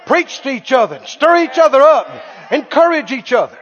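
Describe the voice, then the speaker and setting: High-voiced preacher in an echoing hall. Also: male voice, sing-song, fairly quick. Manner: emphatic, repeating phrases, shouting at peaks. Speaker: pastor. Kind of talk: sermon. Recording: dull lo-fi sound with long hall reverb.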